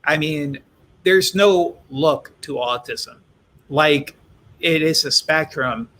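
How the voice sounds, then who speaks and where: A man's voice: on the high side, takes it slowly, fairly bright tone. A man hosting a live-streamed interview on a video call, reading viewer questions aloud and rephrasing them for his guest. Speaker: host.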